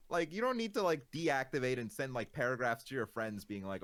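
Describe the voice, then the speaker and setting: A male streamer vents to his audience in loose, profane talk. His pitch swings widely as he gets worked up, then dips low and quiet when he calms. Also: normal speed. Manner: exasperated ranting, profane, lots of fillers. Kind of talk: casual stream chat.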